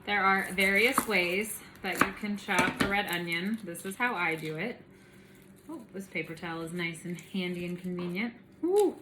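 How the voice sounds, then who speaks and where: A woman's voice: lowish voice, moderate pace, noisy background. A woman hosting a casual home cooking video, chatty and bubbly with playful asides, in her home kitchen.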